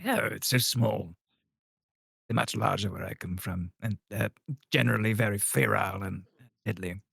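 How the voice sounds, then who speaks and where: A courteous old adventurer with a heavily gravelly, raspy voice, as a player puts him on. He talks in careful, old-fashioned phrasing. The tone is bright and the sound is dry. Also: low voice, fairly even intonation, normal speed, dry recording, full character voice. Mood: mild. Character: polite old male adventurer, weary of puns.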